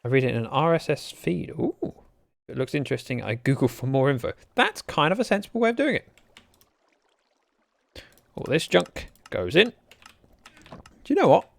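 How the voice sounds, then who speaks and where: Young man, game streamer, casual joking chat, slightly high voice, very lively pitch. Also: normal speed, creaky, pauses often, dry recording. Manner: chatty, joking, reads out chat messages. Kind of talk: casual livestream chat while playing.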